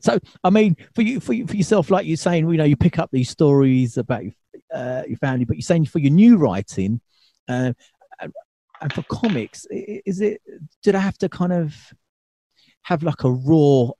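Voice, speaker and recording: A man hosting a casual podcast chat, with an easygoing way of agreeing and asking questions. His voice is mellow and warm, recorded dry and close. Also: a little high, expressive, normal speed, vocal fry, no echo. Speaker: podcast host.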